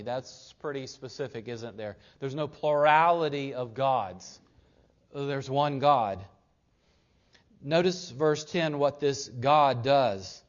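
A man's voice: mid-range voice, takes it slowly, dull audio. A man preaching a sermon, leading his listeners through Scripture with emphatic points and rhetorical questions. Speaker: pastor.

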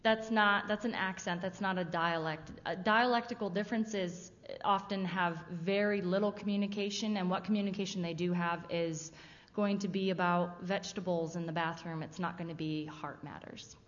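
A woman's voice: fairly low pitch, steady tone, normal speed. A woman giving a casual, conversational missionary presentation to a church audience. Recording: dull sound with long hall reverb.

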